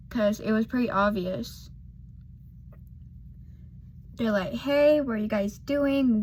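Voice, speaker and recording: Here an eighteen-year-old woman chats casually about her own life, filling it with fillers, self-mocking remarks, and murmured asides as she applies makeup. Her voice sits a little high and sounds slightly mellow, with a faint hiss or hum in the recording.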